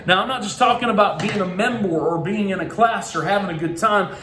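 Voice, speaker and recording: A young man from Oklahoma giving a motivational keynote, energetic and telling a story while acting out the voices in it. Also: high voice. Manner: energetic, acts out voices in his stories. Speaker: keynote speaker. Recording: echoey room, faint ambient noise.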